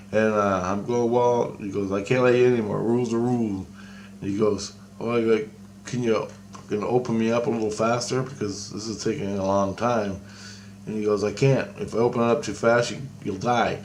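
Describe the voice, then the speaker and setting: Gravelly man rambling through a story. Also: on the low side, slight background noise. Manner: rambling, with many restarts and quoted dialogue. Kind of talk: casual storytelling monologue.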